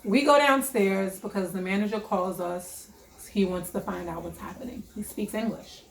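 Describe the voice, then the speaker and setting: A young woman vlogger telling a story in a casual storytime vlog, animated, profane and emphatic. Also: mid-range voice, moderate pace, roomy sound.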